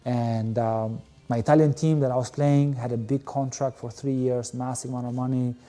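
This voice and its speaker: A man's voice: medium pitch, steady tone, normal speed, warm tone, faint music behind. A man, telling his story as a guest in an interview, candid and rambling with many fillers. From Albania. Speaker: guest, volleyball player. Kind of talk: emotional personal storytelling.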